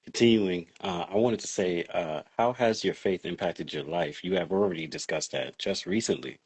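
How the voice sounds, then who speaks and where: A man's voice: deep voice, lively intonation, normal speed, creaky, darkish tone, breathy edge, no room sound. A man interviewing a guest, asking rambling, searching questions with fillers.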